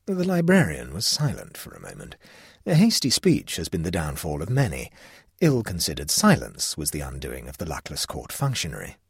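Husky, animated male storyteller. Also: rumbling low, moderate pace, no echo, studio quality. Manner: expressive, storytelling delivery. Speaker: audiobook narrator. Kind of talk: scripted narration.

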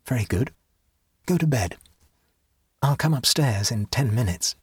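A man's voice: medium pitch, lively intonation, measured pace, husky, dry recording. A man reading as a rapturous young dreamer. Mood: calm. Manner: ecstatic, preaching. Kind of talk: audiobook character reading.

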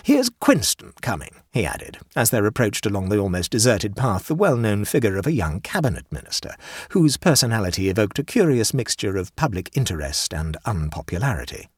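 Husky-voiced man reading a story. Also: on the low side, sing-song, brisk, no echo, studio quality. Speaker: narrator. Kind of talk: scripted storybook narration.

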